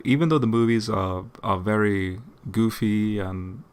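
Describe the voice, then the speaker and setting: Speaking in a clean-toned, somewhat low voice at a measured pace, an apologetics channel host works through a point in relaxed, explanatory commentary. He restarts phrases, repeats words, and keeps stopping to ask "okay?" before he moves on.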